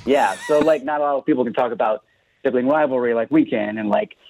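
A man's voice: mid-range voice, fast, a little mellow, no echo. A man calling in to a radio show by phone, rambling casually with many filler words. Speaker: radio caller. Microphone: telephone. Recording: dull phone line.

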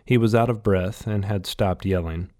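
A man reading a novel aloud in steady, scripted audiobook narration. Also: on the low side, normal speed.

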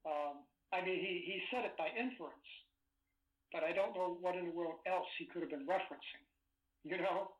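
A man's voice: high voice, normal speed, echoey room, poor audio. Hesitant older man telling a story. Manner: hesitant, many fillers and restarts. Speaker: interview guest. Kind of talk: recounting a personal story in an interview.

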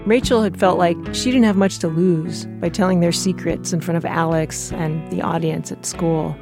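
A woman host narrating a scripted documentary story in a measured, even way. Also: lowish voice, gravelly. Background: guitar music.

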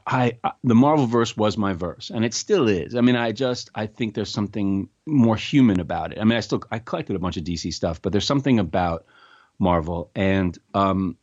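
A middle-aged actor as an interview guest, telling animated stories with quick restarts. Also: male voice, on the low side, muffled recording. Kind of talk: casual interview storytelling.

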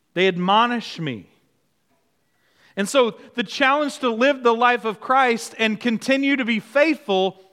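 A man with a high, bright voice preaches an earnest sermon. He tells stories with swings from ringing emphasis to soft, low asides. His voice carries a long reverb through a large hall. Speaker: pastor.

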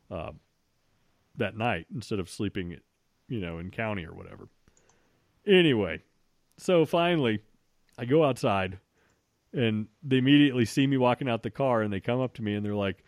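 A man's voice: mid-range voice, no room sound. Guy rambling thru a wild story, swears a lot, dry close sound. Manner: profane, rambling with frequent restarts. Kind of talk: casual storytelling.

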